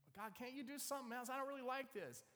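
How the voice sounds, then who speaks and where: A man voicing a panicked man clinging to a tree on a cliff, yelling frantically in a high voice. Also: huge pitch swings, quick pace, gravelly, in a large hall, exaggerated voice.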